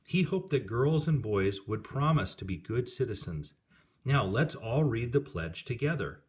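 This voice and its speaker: A man's voice: medium pitch, animated, unhurried, darkish tone, lightly acted. A man reading aloud as a kind female schoolteacher explaining things patiently to her class.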